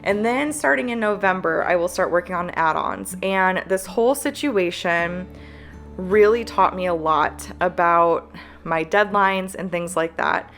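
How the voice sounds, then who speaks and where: Lowish-voiced woman talking to her viewers, kinda halting and earnest, soft music in the back. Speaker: planner business owner. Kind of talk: candid talking-to-camera vlog.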